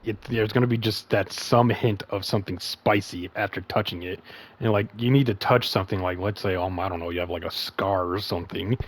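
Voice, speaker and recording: A man's voice: fairly low pitch, steady tone, fairly quick. A young man co-hosting a casual podcast, laid-back and swearing loosely with lots of fillers. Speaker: podcast co-host. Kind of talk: casual chat.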